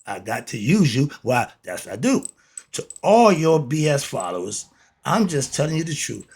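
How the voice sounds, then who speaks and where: A man's voice: fairly high pitch, very animated, measured pace, vocal fry, husky. A man talking straight to his listeners as a self-styled teacher, preachy and blunt, with street slang and lots of rhetorical questions. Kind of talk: monologue to camera.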